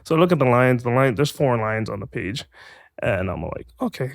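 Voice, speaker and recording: A man's voice: medium pitch, brisk, gravelly, no room sound, studio quality. A man from Hawaii, a guest actor, telling a story casually and animatedly, acting out the voices of the people in it. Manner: animated, acts out voices in his stories.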